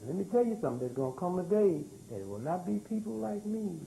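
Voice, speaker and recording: Animated older man lecturing a crowd. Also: high voice, fast talker, creaky, a little hiss or hum, rough recording. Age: 60s. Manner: animated, calls out to the crowd for responses; emphatic, repeats key words. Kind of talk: live lecture to an audience. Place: lecture room with audience.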